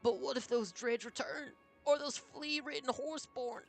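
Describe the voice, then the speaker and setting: A worried young woman fires off urgent questions in a high, strained voice, as a streamer puts her on. Her voice sits far above the reader's own, part of a live game read-through. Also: fairly even intonation, moderate pace, vocal fry, faint music behind.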